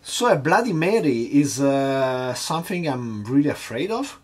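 Lively-voiced man hosting a cocktail vlog. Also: mid-range voice, measured pace, loud music behind the voice. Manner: chatty, hesitant, nervously self-mocking. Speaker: home bartender host. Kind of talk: casual cocktail-making vlog.

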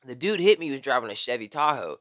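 A young man telling a story casually, full of slang and "bro", loudly acting out the people in it. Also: fast talker. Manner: slangy, animated, says "bro" often; acts out quotes in high strained voice. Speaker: vlogger.

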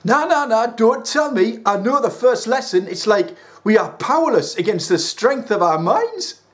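A man acts out an eager young Geordie addict with a high, bouncing voice. He is blunt and excitable, a comic figure in a sketch. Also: moderate pace. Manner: eager and blunt, lively rises in pitch.

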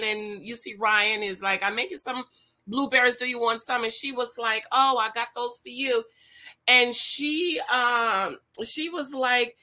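Woman, sassy casual recap host, very bright tone. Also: a little high. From Jamaica. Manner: chatty, sassy, laughs and asks viewers questions. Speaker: reality show recap vlogger. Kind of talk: casual reaction commentary.

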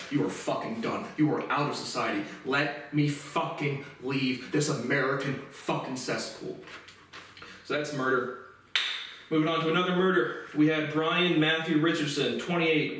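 A man's voice: fairly high pitch, fairly bright tone. Male host, angry profane monologue, echoey room, distant mic. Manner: furious, profane, repetitive.

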